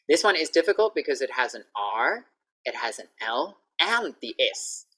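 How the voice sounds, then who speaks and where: A woman teaching English pronunciation in an online lesson over a video call, patiently repeating each word clearly. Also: deep voice, very animated, moderate pace, bright, forceful tone.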